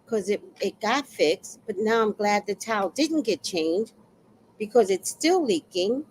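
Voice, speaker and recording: A woman's voice: mid-range voice, measured pace, a little hiss or hum, rough recording. A woman telling a personal story in a casual monologue, acting out the exchanges she describes. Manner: animated, acts out quoted exchanges.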